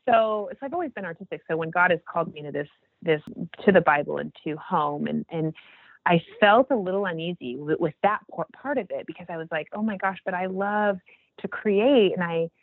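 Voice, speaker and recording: A woman's voice: on the low side, animated, brisk, husky, no room sound. A woman in her forties talking earnestly in a casual faith chat, rambling with many restarts. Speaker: podcast guest. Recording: tinny phone-like line.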